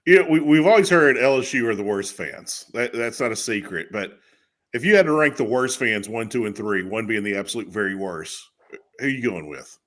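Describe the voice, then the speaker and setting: A man's voice: on the low side, expressive, fairly quick, a bit bright. A man hosting a casual sports interview, friendly and calling his guest brother. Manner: friendly, calls the guest "brother", laughs along. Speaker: podcast host.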